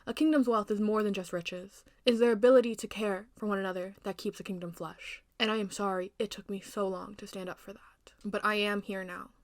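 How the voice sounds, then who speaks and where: A woman playing a gentle, brave young princess from a retold fairy tale. She talks softly and earnestly at a middle pitch, her words often close to a hushed whisper. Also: steady tone, fairly quick, lightly acted. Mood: calm, firm.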